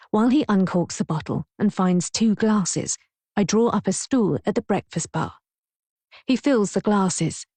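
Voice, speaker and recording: A woman's voice: fairly low pitch, warm tone, no room sound. A woman narrating a first-person audiobook in a wry, mocking tone.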